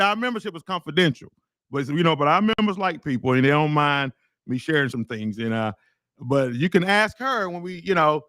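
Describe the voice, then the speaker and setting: A man's voice: high voice, fairly bright tone, no room sound, studio quality. A man who leads a teachers' association, telling a story in a rambling, blunt, heated way and repeating words as he goes. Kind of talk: casual storytelling monologue.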